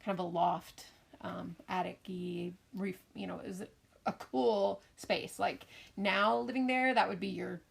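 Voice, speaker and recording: A middle-aged woman, a podcast co-host and mother, telling a family story in casual chat, animated and often laughing. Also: medium pitch, unhurried, vocal fry, slightly rough.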